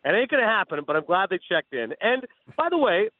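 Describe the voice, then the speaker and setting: Fast-talking man on a tinny phone line. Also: sits high, no echo. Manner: animated, acts out imagined dialogue. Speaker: phone-in sports analyst guest. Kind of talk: sports radio talk.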